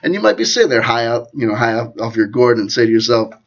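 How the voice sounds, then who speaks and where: A man hosting his own channel, talking through ideas in a rambling, self-mocking way that swings between loud bursts and hushed asides. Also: mid-range voice, big pitch swings, quick pace, muffled recording. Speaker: channel host. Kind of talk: rambling solo commentary.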